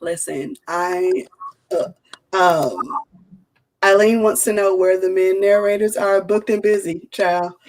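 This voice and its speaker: A woman's voice: mid-range voice, slow pace, a little mellow, low-quality recording. A woman hosting a casual panel chat, playful and chatty as she reads out audience questions. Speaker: panel host.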